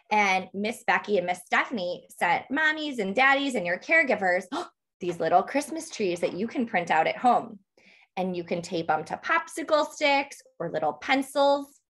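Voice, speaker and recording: A woman reading a picture book aloud to toddlers, animated and sing-song, gasping with excitement and asking the children questions. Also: mid-range voice. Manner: asks the children questions throughout. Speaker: toddler book club reader.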